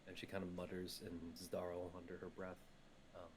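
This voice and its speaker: A man's voice: sits low, monotone, normal speed, darkish tone, slightly rough. A man playing a tabletop game, describing his character's actions in a rambling way, full of likes and uhs. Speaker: player.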